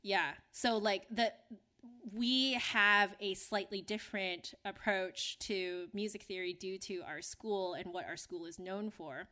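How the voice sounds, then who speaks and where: Brief: young woman podcast co-host from Canada, bright clear tone, chatty and rambling. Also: medium pitch, unhurried. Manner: chatty, many fillers and restarts. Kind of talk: casual podcast chat.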